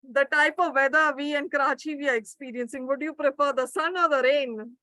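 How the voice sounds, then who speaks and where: A woman's voice: sits high, steady tone, fairly quick, pushed and bright, no echo, poor audio. A woman running a live webinar, reading out participants' answers and encouraging them. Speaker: webinar trainer. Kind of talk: live online teaching session.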